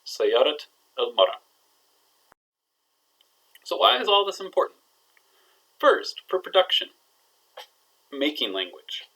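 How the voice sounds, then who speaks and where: A man's voice: on the high side, very animated, slow pace, gravelly, long pauses, sharp tone, slightly rough, poor audio. A man teaching a recorded language lesson, playful and building suspense as he explains grammar. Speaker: Arabic teacher.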